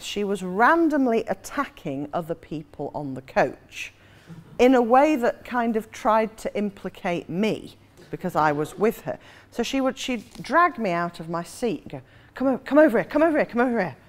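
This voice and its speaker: A woman's voice: medium pitch, sing-song, normal speed. A woman in her forties, an author, telling a self-mocking anecdote with frequent laughter. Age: 40s. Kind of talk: anecdotal storytelling.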